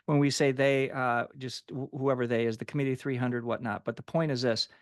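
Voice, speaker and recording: A man's voice: mid-range voice, steady tone, brisk, no echo, studio quality. A man hosting a conversational interview, asking questions in a casual, affirming way. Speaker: podcast host.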